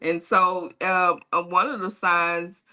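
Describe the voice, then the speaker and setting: Low-voiced woman in casual chat. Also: takes it slowly. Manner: relaxed, affirming, full of fillers. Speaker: podcast co-host.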